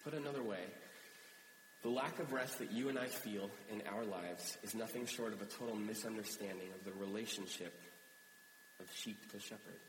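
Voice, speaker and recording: Male pastor, lowish voice, casual storytelling sermon, echoey church hall with a hum. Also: normal speed. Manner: conversational, animated storytelling.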